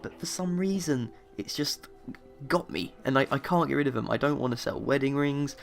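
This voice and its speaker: A young man, telling a gaming story in an excitable, animated way. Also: mid-range voice, normal speed, vocal fry. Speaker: gaming youtuber. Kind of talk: casual gaming vlog.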